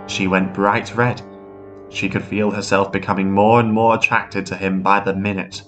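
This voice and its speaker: A man narrating a ghost story in a measured, steady way. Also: lowish voice. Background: faint guitar music.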